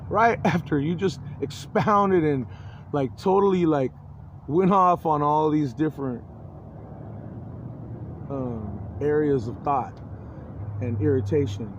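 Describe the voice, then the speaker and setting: A man's voice: fairly high pitch, measured pace, long pauses, muffled recording, background noise. A middle-aged man in a rambling personal monologue, agitated and profane, often breaking off and restarting his sentences. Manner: profane, swears heavily. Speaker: vlogger.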